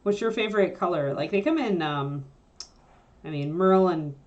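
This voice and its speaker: A woman's voice: fairly low pitch, expressive, moderate pace, darkish tone, highs cut off. A woman hosting a casual livestream, chatty and easygoing, who breaks off now and then to talk to her dog. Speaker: livestream host.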